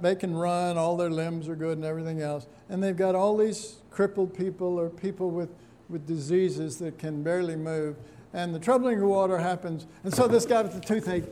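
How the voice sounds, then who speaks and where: A man teaching a Bible study, musing aloud with halting restarts as he works through scripture verse by verse. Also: sits high, dark tone, slight background noise.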